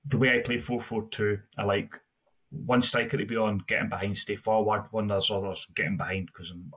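A man co-hosting a gaming podcast with a husky, lowish voice. He rambles and restarts, rattling off player numbers in a loose, conversational way. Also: fairly bright tone. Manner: rambling, restarts often, lists stats. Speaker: podcast co-host. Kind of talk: casual gaming podcast chat.

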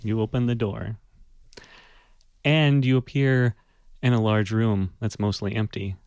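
A man narrating a tabletop game as game master, unhurried and descriptive. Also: lowish voice, fairly even intonation, darkish tone, clean tone, no echo.

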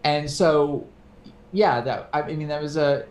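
A man telling a story in casual podcast chat, animated and swearing casually, acting out quoted voices. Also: a little high, slow pace, echoey room. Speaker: podcast co-host.

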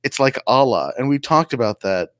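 A man's voice: mid-range voice, animated, moderate pace, no echo, studio quality. A man co-hosting a podcast, talking loosely with lots of restarts and fillers. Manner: rambling, with many restarts and fillers. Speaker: podcast co-host. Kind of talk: casual chat.

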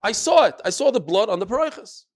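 A man teaching a Talmud class, telling the story with animated quotes and Hebrew and Aramaic terms. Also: high voice, fairly quick.

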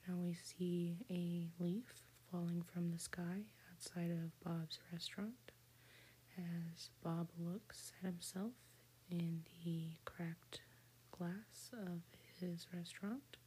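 A woman slowly retelling a cartoon story in a soft whispered role-play. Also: fairly low pitch, flat delivery, a little hiss or hum. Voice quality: breathy whisper.

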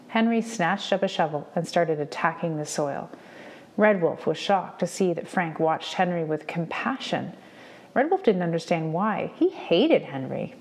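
Low, gravelly woman reading aloud. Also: expressive, a little slow, darkish tone. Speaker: reader. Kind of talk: reading a novel aloud for students.

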